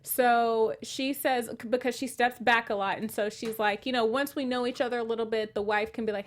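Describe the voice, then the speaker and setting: A woman's voice: a little high, fairly even intonation, fairly quick, hardly any pauses. A woman hosting a casual panel chat, reading out live chat comments and leading the discussion. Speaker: podcast host.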